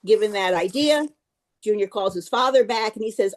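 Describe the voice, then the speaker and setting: A woman telling a long joke at a club meeting, in a lively storytelling manner. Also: medium pitch, normal speed.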